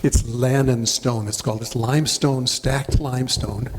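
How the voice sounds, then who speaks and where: A man's voice: medium pitch, steady tone, unhurried. A man from Wisconsin, an author telling stories to an audience, rambling and restarting his sentences as he goes. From Wisconsin, USA. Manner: rambling, self-interrupting storyteller. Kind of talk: casual talk to an audience. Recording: hall reverb with faint noise.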